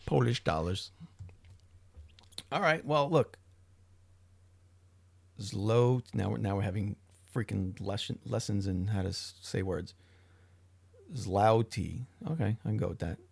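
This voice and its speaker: In a slightly rough, creaky voice of fairly low pitch, a middle-aged man rambles on his livestream a little slowly, leaving long pauses. He curses and often cuts himself off to start over, and there's no room sound.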